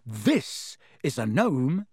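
A man's voice: on the high side, expressive, normal speed, no room sound, natural voice. Teenage boy, offhand, grim, as a man puts him on, lightly raised voice, dry close sound. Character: lanky teenage boy, matter-of-fact.

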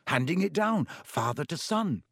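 A man's voice: a little high, very animated, normal speed, fairly bright tone, breathy edge, no room sound, studio quality, voice pushed up, full character voice. A man voicing a grumpy, sarcastic schoolboy who drawls his complaints irritably.

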